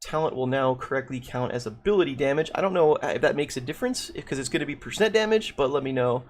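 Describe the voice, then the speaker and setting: A man's voice: mid-range voice, lively intonation, fast, a little hiss or hum. A man casually reading and reacting to game patch notes, thinking aloud with many restarts, saying he is losing his voice. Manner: thinking aloud with frequent restarts and repeated words. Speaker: gaming video creator.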